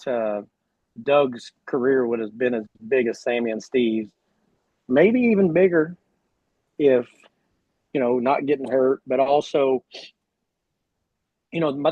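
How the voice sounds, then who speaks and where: A man with a relaxed Oklahoma drawl talks as a podcast guest, wandering through his thoughts with lots of "you know" and false starts. His voice sits at an ordinary pitch. The recording is dry and dull, a little lo-fi. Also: a little slow, pauses often, no room sound. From Oklahoma, USA. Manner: rambling, full of "you know" and restarts. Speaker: guest, sprint car driver. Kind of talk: casual podcast chat.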